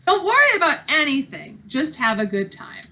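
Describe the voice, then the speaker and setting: A woman's voice: sits high, big pitch swings, moderate pace, sharp tone, far from the mic, pitched above the performer's own voice, heavily acted. A woman voicing a cooing, soothing mother talking on the phone in a read-aloud storybook.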